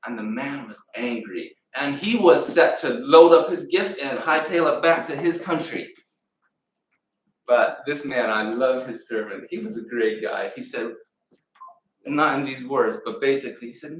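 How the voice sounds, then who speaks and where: A man preaching a sermon in a church, retelling a story with lively acted-out voices. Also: mid-range voice, a little slow. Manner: animated storyteller acting out voices. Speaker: pastor. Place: church sanctuary. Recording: echoey room, mic at a distance.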